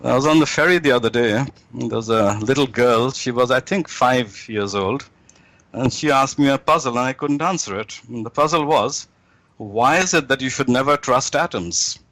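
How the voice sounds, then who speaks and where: A man's voice: mid-range voice, moderate pace, a bit bright, dry recording, low-quality recording. A man guest in an interview, telling jokes in a rambling way with many restarts.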